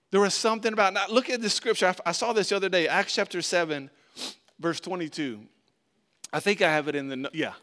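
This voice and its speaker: Man, high voice, pastor, conversational sermon, restarts sentences often. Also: quick pace. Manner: conversational, animated preaching with frequent restarts.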